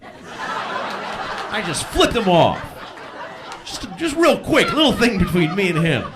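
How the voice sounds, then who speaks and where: A man's voice: high-pitched, sing-song, slow pace, background noise. A man doing a blunt, profane stand-up routine on a live stage. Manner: blunt, profane, wildly swinging delivery. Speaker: stand-up comedian. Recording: live stage recording with crowd laughter.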